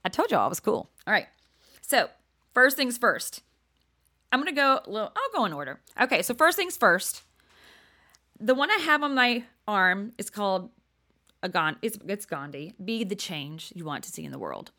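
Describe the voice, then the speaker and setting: An older woman hosts a podcast, telling personal stories in a chatty monologue, laughing often and dropping to near-whispers for emphasis. Her mid-range voice is very animated, bright, and forceful, at a moderate pace.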